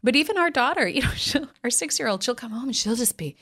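A woman's voice: fairly high pitch, expressive, quick pace, a bit bright. A woman hosting a podcast, talking casually and asking the guest reflective questions. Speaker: podcast host. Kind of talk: casual conversational interview.

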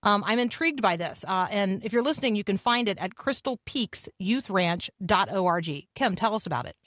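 A female host opens the interview in a welcoming, casual manner, with a few fillers. Her voice sits at a middle pitch and sounds dry and close to the mic. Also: animated, moderate pace, a bit bright, dry recording. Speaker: radio show host. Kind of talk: interview introduction.

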